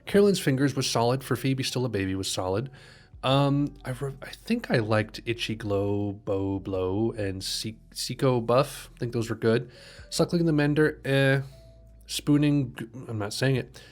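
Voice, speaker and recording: A man's voice: mid-range voice, measured pace. Guy doing a chill album reaction, rambly, trips over his words a lot. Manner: rambling, relaxed, self-correcting. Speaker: music reviewer.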